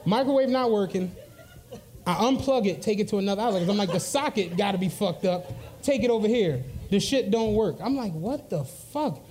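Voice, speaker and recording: A man with a very high voice, telling an animated story on a podcast taped live at a comedy club. He acts out his own quoted lines as he goes. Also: brisk, soft background music. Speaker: podcast co-host.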